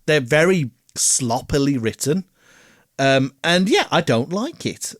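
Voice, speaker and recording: A man, co-hosting a casual album review podcast, animated, swearing freely and laughing often. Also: a little high, slow pace, dry recording, studio quality. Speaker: podcast co-host.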